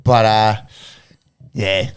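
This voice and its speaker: A young man co-hosting a casual sports podcast, talking in a rambling way with halting restarts. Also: fairly low pitch, fairly even intonation, smooth. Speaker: podcast co-host.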